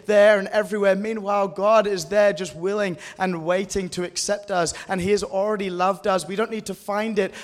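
A man preaching an earnest, conversational sermon with a fairly high voice. His words ring out with the long reverb of a large hall. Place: church hall with an audience. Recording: echoey hall.

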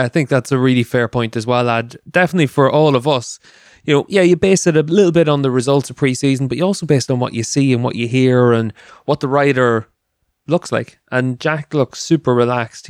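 A man talks through racing incidents in a measured, explanatory way. His voice sits at an ordinary pitch and comes across dry and close to the mic. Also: no room sound. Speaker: racing pundit. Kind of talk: studio discussion.

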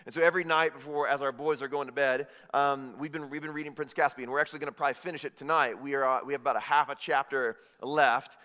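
A man, a pastor, giving a devotional talk in a halting way, often repeating his words. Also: medium pitch, steady tone, bright, forceful tone. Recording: long reverb.

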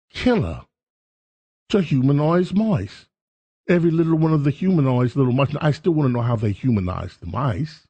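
Animated rambling male talk radio host. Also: on the high side, breathy edge. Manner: rambling, jokey, self-mocking. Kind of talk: casual talk radio monologue.

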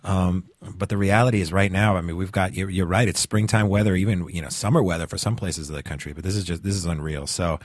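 A man's voice: low voice, steady tone, quick pace, few pauses, no echo, studio quality. A man hosting a podcast in casual chat, chatty with frequent stammering restarts. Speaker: podcast host.

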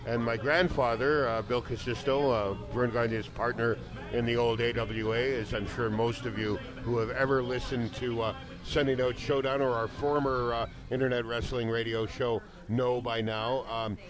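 A man's voice: medium pitch, level tone, normal speed. A man co-hosting a wrestling talk show, chatting casually and telling rambling, playful stories. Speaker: wrestling podcast co-host. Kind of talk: casual chat.

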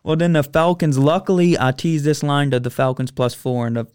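Man, smooth clear voice, dry sound, casual podcast co-host. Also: on the high side, brisk, a little mellow, dry recording. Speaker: sports betting podcast co-host. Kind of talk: casual sports betting chat.

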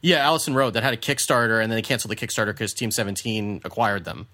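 A man hosting a casual gaming podcast in a relaxed, rambling way, often hedging. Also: fairly low pitch, fast. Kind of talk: casual chat.

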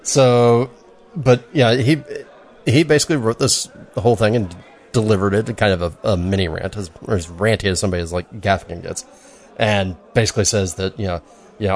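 A man's voice: lowish voice, steady tone, fairly quick. A man co-hosting a beer podcast in casual, rambling chat with many fillers. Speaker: podcast co-host.

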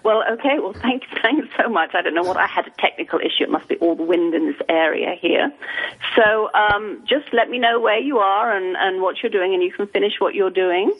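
A woman hosting a radio talk show, chatting casually in a quick, slightly flustered way. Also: mid-range voice, breathy edge. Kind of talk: casual chat. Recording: dull phone line.

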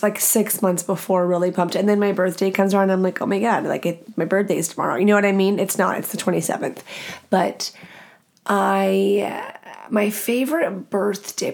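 A woman's voice: medium pitch, darkish tone. Woman in her early 30s hosting her podcast, swears a lot, chatty and candid. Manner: candid, profane and chatty, with laughs. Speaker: podcast host. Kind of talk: casual solo podcast chat.

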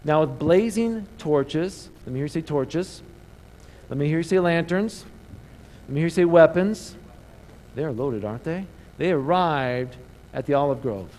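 A man preaching a sermon in church, animated, calling the congregation to answer back. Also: a little high, normal speed, low-quality recording. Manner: animated preaching with call-and-response. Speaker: pastor. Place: church sanctuary.

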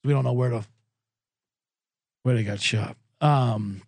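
A man's voice: mid-range voice, slow pace, vocal fry, a little mellow, dry recording, clean studio sound. A man hosting a comedy podcast, rambling through a self-deprecating monologue. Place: Los Angeles.

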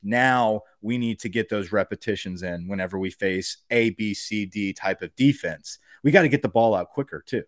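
A man co-hosting a podcast, talking football in a casual, animated way, often profane and acting out coaches yelling. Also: on the low side, moderate pace, few pauses, no echo, clean studio sound. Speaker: podcast co-host. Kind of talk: casual sports chat.

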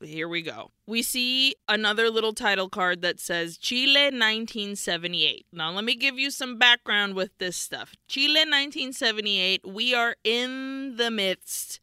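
Bright, clear-voiced woman podcast host. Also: a little high, expressive, a little slow, few pauses, dry recording, clean studio sound. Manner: candid, retelling scenes in detail with nervous laughs. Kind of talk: casual movie recap chat.

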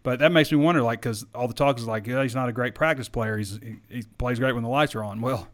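A man's voice: mid-range voice, steady tone, quick pace, fairly bright tone. A man hosting a sports podcast, chatting casually and answering listener questions in a rambling, hesitant way, his voice wearing thin. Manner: rambling, hesitant, repeats himself.

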